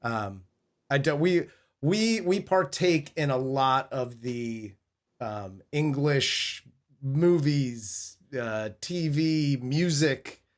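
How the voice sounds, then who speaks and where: A man's voice: medium pitch, lively intonation, extremely slow. A man hosting a movie review podcast in a laid-back, joking casual chat. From United States. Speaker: podcast host.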